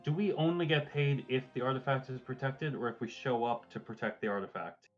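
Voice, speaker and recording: A man with a mid-pitched voice asks probing questions in character during a tabletop role-playing game. His voice comes through dull, lo-fi audio. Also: fairly quick, soft background music.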